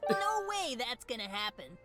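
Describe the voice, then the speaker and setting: A man doing a squeaky, gushing character. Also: sing-song, normal speed, loud music behind the voice. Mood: emotional. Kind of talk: game dialogue read aloud by a player.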